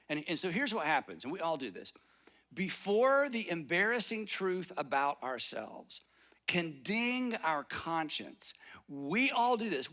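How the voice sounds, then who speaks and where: A man delivers a sermon in an easy, conversational way. His voice sits high and rings bright and forceful. He slips into quick acted lines of everyday inner talk. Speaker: pastor.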